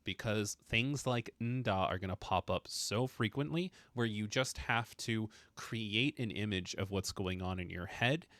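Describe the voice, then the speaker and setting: A man's voice: lowish voice, a little slow, hardly any pauses, fairly bright tone, no room sound. A man teaching a casual language lesson, explaining with playful emphasis and jokes.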